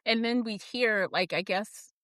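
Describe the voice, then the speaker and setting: A woman's voice: fairly high pitch, a little slow, no echo, studio quality. A woman co-hosting a casual book podcast, telling stories with acted-out quotes, frequent laughs and swearing. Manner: animated storyteller, acts out quotes, swears and laughs. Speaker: podcast co-host.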